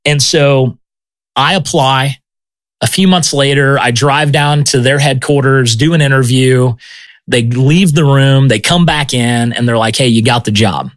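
A man sharing a personal testimony in an interview, earnest and animated, often stumbling over repeated words. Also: mid-range voice, measured pace, no room sound.

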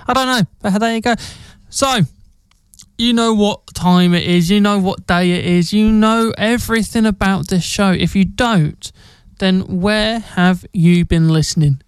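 A man's voice: high-pitched, clear, resonant tone, no room sound. A young man presenting a casual local radio show, chatty and jokey, rambling and restarting his sentences. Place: radio studio. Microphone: studio mic.

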